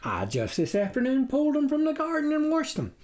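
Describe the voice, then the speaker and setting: A man voicing a hospitable farm wife with a high, chirpy rural drawl. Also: huge pitch swings, a little fast, darkish tone, exaggerated voice. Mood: eager.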